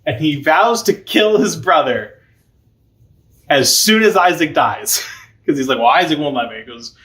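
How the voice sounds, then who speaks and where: A man's voice: a little high, a bit bright, roomy sound. A young man teaching a catechism class in a chatty, informal way, full of fillers and light laughter. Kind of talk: casual teaching.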